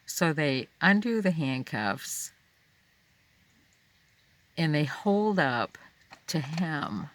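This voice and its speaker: Slow, halting man telling a personal story. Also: fairly high pitch, sing-song, a bit bright, a little hiss or hum. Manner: halting, full of fillers and restarts, drifts into quoted voices. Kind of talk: personal story told unscripted.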